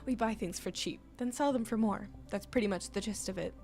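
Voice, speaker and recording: A streamer voicing a gruff, grumpy young male shopkeeper in a curt, blunt manner, with faint game music behind. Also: a little fast, a little mellow, close to an everyday voice. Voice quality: lowered, blunt, curt delivery.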